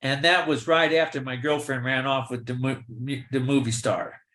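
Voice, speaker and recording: Older man telling animated stories, roomy sound. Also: mid-range voice, normal speed. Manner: lively anecdotes, acts out quoted dialogue. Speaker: guest, veteran film extra. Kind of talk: storytelling in a virtual Q&A. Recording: roomy echo.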